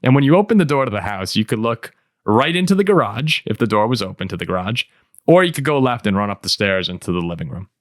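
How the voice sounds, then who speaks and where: Man, 20s, podcast co-host, animated, laughing storyteller, casual sports chat, dry close sound. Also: on the low side, quick pace, no echo.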